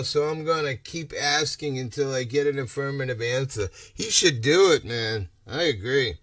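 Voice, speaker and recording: A man's voice: mid-range voice, normal speed, fairly bright tone, no echo, clean studio sound, distant mic. A man from Massachusetts chatting on a casual livestream, rambling and ranting with a lot of swearing. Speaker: livestream host.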